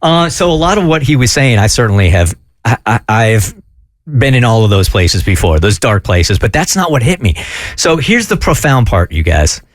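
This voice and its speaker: A man's voice: mid-range voice, very animated, moderate pace, dry recording, clean studio sound. A man hosting a radio show, talking earnestly and confessionally in a casual chat.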